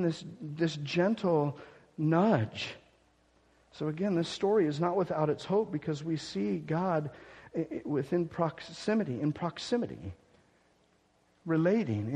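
A man's voice: a little high, dark tone, slightly rough. Man preaching a sermon in a reverberant hall.

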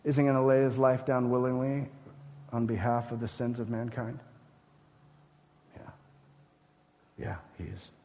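A man preaching a sermon as pastor, urgent and emphatic one moment and hushed and grave the next. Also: mid-range voice, little pitch movement, measured pace, long pauses, slight background noise. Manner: emphatic preaching, swinging between loud urgency and hushed gravity. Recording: long hall reverb.

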